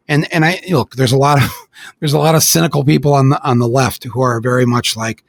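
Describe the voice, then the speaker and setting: An older man hosting a podcast, telling stories in an animated way with many restarts. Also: medium pitch, fairly quick, gravelly, no echo. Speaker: podcast host. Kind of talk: casual podcast conversation.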